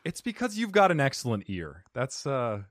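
A man's voice: mid-range voice, huge pitch swings, moderate pace, no echo. Brief: male podcast host, Italian accent, native Italian speaker, polished radio delivery, dead-dry sound. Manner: smooth radio-style delivery. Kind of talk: casual podcast interview.

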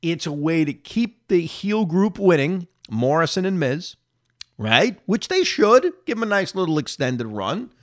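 A man's voice: sits high, a little slow, dry recording, clean studio sound. A man hosting a solo reaction podcast, opinionated and talking straight to his listeners, with a lingering cough. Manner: animated, opinionated, talks to listeners directly. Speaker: podcast host.

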